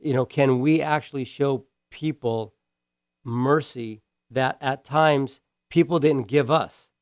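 A man's voice: mid-range voice, takes it slowly, no room sound. Male pastor, earnest storytelling sermon, stumbling restarts, dry sound.

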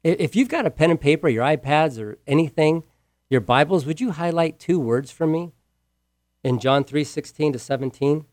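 A man preaching a sermon with emphasis, repeating key words and moving between loud and hushed delivery. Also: fairly high pitch, normal speed, no echo, studio quality. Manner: asks the listeners direct questions.

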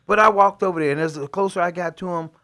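Animated man telling testimony. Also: high-pitched, quick pace. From Chicago. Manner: animated storyteller, dialect grammar, laughs often. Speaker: pastor, co-host. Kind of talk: testimony in faith talk show.

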